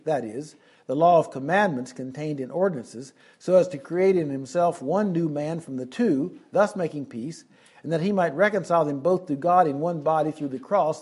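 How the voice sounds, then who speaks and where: Husky man teaching the Bible. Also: fairly high pitch, darkish tone. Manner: slows down to stress key phrases. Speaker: preacher.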